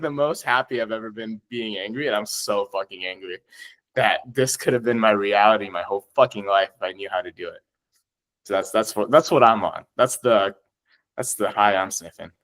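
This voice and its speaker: A man chatting as a podcast guest, excitable and heavy on swearing, often laughing as he talks. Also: lowish voice, brisk, low-quality recording. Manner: excitable, swears a lot, laughs while talking. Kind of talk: casual chat.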